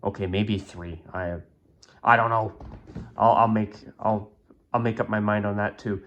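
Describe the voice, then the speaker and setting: A man's voice: fairly low pitch, level tone, unhurried, a bit bright, highs cut off, slight background noise. A man hosting his own channel, talking casually and with strong opinions, rambling with fillers and restarts, recorded on a phone. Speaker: YouTube channel host. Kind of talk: casual vlog commentary.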